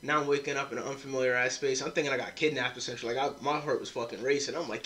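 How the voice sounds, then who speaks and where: A man's voice: on the high side, fairly even intonation, fast, hardly any pauses, bright, forceful tone. A young man hosting a podcast, telling a rowdy drinking story in casual, profane talk full of quoted dialogue. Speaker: podcast host. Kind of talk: casual storytelling among friends.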